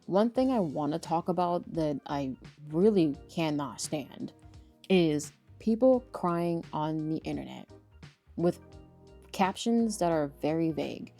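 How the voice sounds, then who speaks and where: A woman delivers a fed-up, profanity-laced commentary rant in a fairly low voice. Her talk is blunt and exasperated, and faint music plays underneath. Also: animated, slow, mellow. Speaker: commentary host. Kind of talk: ranting commentary monologue.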